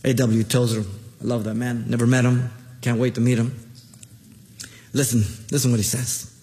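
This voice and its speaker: A man's voice: medium pitch, little pitch movement, moderate pace, dark tone. A man, a pastor, preaching a sermon with emphatic, rising exhortations. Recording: long hall reverb.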